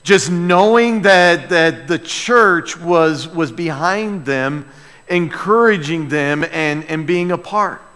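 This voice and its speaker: A man's voice: on the high side, slow pace, a bit bright, clean tone. A man preaching a sermon to his congregation, conversational and humorous, often repeating words as he restarts. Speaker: pastor. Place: church sanctuary. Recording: long church hall reverb.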